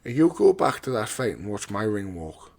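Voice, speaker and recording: A young man with a fairly low voice speaks as an interview guest, a pro boxer telling his own story. He is blunt and swears freely, tripping over and repeating words and acting out the lines of the people around him. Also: very animated, normal speed, gravelly, a little mellow.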